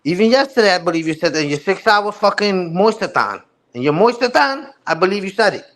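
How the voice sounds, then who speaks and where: A man's voice: high voice, expressive, quick pace, a bit bright. A man hosting a live stream, ranting heatedly with profane street slang. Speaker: livestream host. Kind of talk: casual livestream rant.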